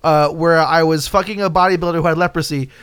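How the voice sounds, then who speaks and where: A man's voice: a little high, fairly even intonation, quick pace, fairly bright tone, clear, resonant tone, no room sound, lightly acted. A man putting on a goofy male movie star who prank-calls a stranger, rambling and stammering with crude jokes. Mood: rambling pitch.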